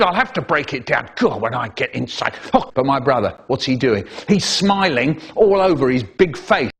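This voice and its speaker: A man's voice: fairly high pitch, lively intonation, moderate pace, hardly any pauses, slight background noise. An older man telling a comic story with sing-song sound-effect words.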